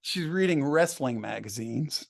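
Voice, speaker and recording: A man's voice: mid-range voice, expressive, unhurried, gravelly. A man, a songwriter guest in an interview, telling anecdotes casually, laughing often and acting out the dialogue he quotes.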